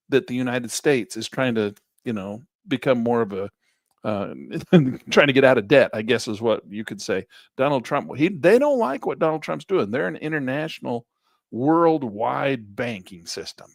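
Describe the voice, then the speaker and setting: Male trading instructor, gravelly, lively delivery, close dry mic. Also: medium pitch, dry recording. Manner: chatty, animated, jumps between topics. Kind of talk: live online trading class.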